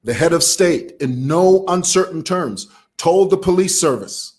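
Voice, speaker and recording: A man's voice: a little high, expressive, a little slow, hardly any pauses, darkish tone. A man from Zambia with a Zambian accent, talking casually to camera as a vlogger who laughs while he talks. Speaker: vlogger commentator.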